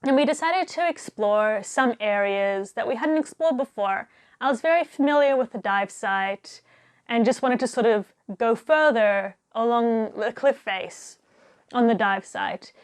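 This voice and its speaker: A young woman telling a diving story in a casual, animated way, laughing often and acting out what people said. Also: fairly high pitch, a little slow, smooth. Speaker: diver telling stories.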